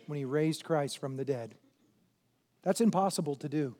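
High-pitched preacher guy, emphatic, keeps asking the crowd questions, goes loud then quiet. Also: moderate pace. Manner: swings between loud shouting and quieter intensity. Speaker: pastor. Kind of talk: sermon.

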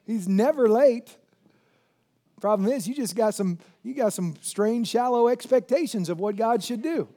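A male pastor delivers a sermon in a notably high voice. He preaches emphatically, throwing questions at the congregation and swinging between loud shouting and quieter, intense stretches. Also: expressive, normal speed, few pauses.

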